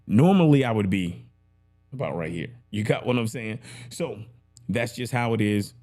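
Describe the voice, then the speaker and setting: A man's voice: on the low side, lively intonation, moderate pace, dark tone, faint music behind. A man hosting a casual gear demo, chatty and rambling, talking into a broadcast mic and often asking if you follow him. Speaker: podcast gear reviewer host. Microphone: broadcast dynamic mic with headphones.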